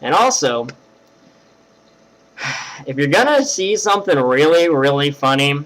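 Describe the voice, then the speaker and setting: A man's voice: on the high side, unhurried, poor audio. Rambling young man telling a story. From Tennessee. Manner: rambling, animated, filler-heavy. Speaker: vlogger. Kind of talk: casual storytelling to webcam. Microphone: webcam.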